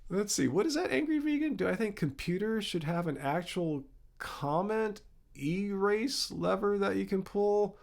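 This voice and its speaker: A man hosts a laid-back live stream, reading viewer comments aloud. His voice sits a little high for a man and has a gravelly, fry-laden edge. He sneezes now and then. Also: unhurried. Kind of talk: casual live Q&A chat.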